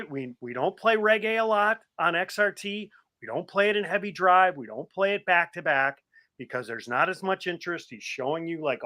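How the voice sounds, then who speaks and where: A man who is a guest sports broadcaster, chatting casually and telling lively anecdotes while imitating old colleagues. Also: on the high side. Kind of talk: casual reminiscing chat.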